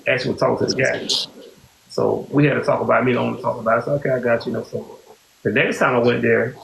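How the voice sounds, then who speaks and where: A man's voice: mid-range voice, steady tone, fast talker, creaky. A man hosting a podcast, telling a personal story in casual, rambling talk that keeps circling back to "you know what I'm saying.". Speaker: podcast host. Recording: echoey room with faint hiss.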